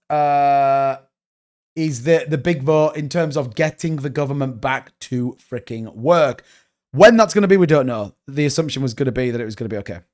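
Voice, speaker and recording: A man hosting a casual crypto livestream, ranting in an animated, exasperated way with swearing. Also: a little high.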